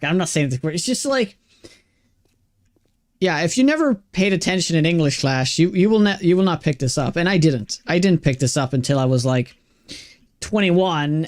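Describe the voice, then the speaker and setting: Chatty Swedish-accented young man streaming. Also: fairly high pitch. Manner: chatty, self-deprecating, many restarts and fillers. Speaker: game streamer. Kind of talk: casual chat while gaming.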